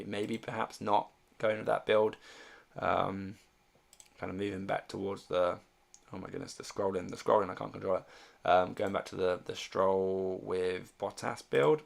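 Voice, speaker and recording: A man's voice: on the low side, vocal fry. A man casually chatting on a livestream, reading viewer comments and thinking aloud with lots of fillers and restarts. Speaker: streamer and fantasy sports host.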